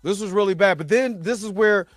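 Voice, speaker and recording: A man's voice: high-pitched, a little fast, dry recording, studio quality, soft background music. A man hosting a reaction show, recapping episodes in a loose, slangy, rambling way full of restarts and asides.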